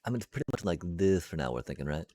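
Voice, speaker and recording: A man's voice: sits low, very animated, very fast, warm tone. A man live-streaming a block-building game, thinking aloud to his chat and humming little sound effects as he works. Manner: addresses chat, muttering and trailing off. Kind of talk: casual live-stream commentary while building.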